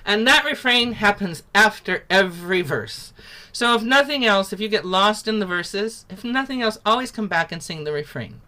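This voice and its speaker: A woman's voice: medium pitch, animated, moderate pace, hardly any pauses, sharp tone. A woman teaching a folk singing workshop over a video call, explaining in a chatty, informal way and stopping to sing syllables as examples. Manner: demonstrates sung syllables between spoken explanations; chatty and informal, with many fillers.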